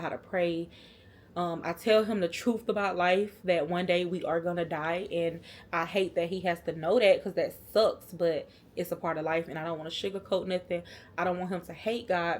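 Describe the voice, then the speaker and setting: Low-voiced woman telling an emotional story. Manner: emotional, fighting back tears, nervous laughs. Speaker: vlogger. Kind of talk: casual storytelling to camera.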